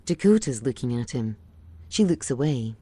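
A woman narrating audio description of a film in a steady, clear manner. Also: rumbling low, normal speed, slight background noise. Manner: steady, clear, scene-setting.

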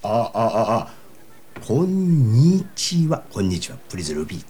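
Jovial japanese-accented sushi chef. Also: male voice, medium pitch, huge pitch swings, slow pace, breathy edge, heavily acted. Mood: friendly. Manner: broken English, jovial and teasing, bursts into yelling. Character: cheerful, chatty middle-aged male sushi chef. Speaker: sushi bar owner.

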